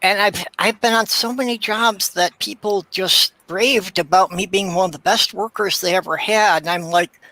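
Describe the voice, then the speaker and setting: A speaker with a bright, tense tone talks wryly and matter-of-factly in a casual chat. The sound is close and dry. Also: medium pitch, steady tone, moderate pace, hardly any pauses, no room sound.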